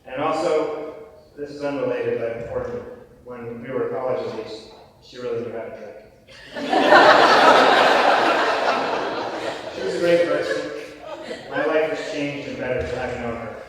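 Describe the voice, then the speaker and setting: A man delivers an earnest, reflective memorial tribute. His voice sounds distant in a reverberant hall, with faint background noise. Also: mid-range voice. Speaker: eulogy speaker. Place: church hall. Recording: echoey hall from far off.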